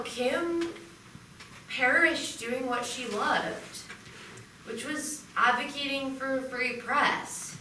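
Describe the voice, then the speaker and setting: A woman's voice: on the high side, pushed and bright, far from the mic, slight background noise. A woman playing a tipsy young college radio station manager, laid-back and rambling, in live improv comedy. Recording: roomy live stage recording from afar.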